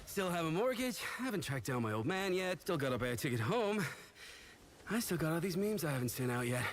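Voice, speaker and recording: A wisecracking doomed game hero. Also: male voice, a little high, very animated, fairly quick, slight background noise. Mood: wry. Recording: trailer audio over loud music.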